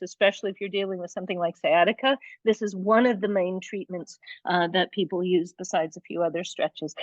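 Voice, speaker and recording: A woman's voice: mid-range voice, dry recording, muffled recording. A woman leading a live yoga class, chatty and encouraging, with playful asides. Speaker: yoga teacher.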